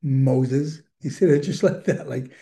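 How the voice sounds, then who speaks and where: A man's voice: a little high, a little fast, creaky, mellow. An older man giving a candid, rambling recovery share, chuckling often as he talks. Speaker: recovery program speaker.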